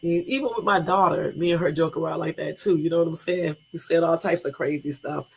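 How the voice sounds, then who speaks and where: A woman's voice: low-pitched, fairly quick, vocal fry, soft background music, rough recording. A middle-aged woman livestreaming casual chat to viewers, rambling and joking, laughing often. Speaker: livestream host.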